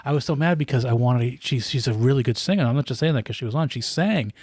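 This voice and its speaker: A man's voice: mid-range voice, fast talker, a little mellow, husky, no room sound, clean studio sound. A man chatting casually on a podcast, rambling with many restarts and repeated words. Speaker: podcast guest. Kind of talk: casual chat. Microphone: podcast microphone close up.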